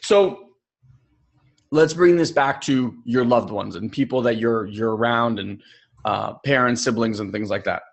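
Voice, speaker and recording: A young adult man co-hosts a personal development podcast, his mid-range voice a bit slow with vocal fry. He tells stories animatedly, impersonating the people he quotes.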